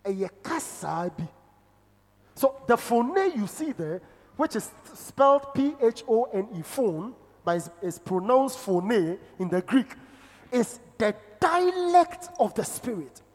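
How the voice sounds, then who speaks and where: Lively preacher in a reverberant hall. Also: slow. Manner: emphatic preaching, swinging between loud exclamations and low murmurs. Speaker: pastor. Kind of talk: sermon.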